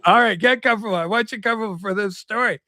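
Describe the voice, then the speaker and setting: Talking very fast in a high, sharp voice, this man hosts a livestream full of casual, campy rambling. He tells his stories in a flamboyant persona.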